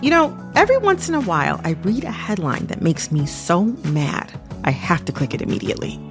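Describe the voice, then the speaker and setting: Lively, gravelly woman podcast host. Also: on the low side, fairly quick, over music. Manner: animated, indignant, playful. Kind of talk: scripted podcast narration.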